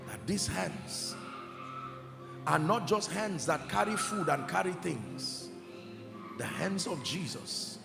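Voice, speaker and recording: A man's voice: a little high, expressive, slow, creaky, long pauses. Fervent preacher man in an echoey hall. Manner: fervent, emphatic, swings from shouting to hushed. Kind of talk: sermon. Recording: echoey hall with music behind. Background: soft music.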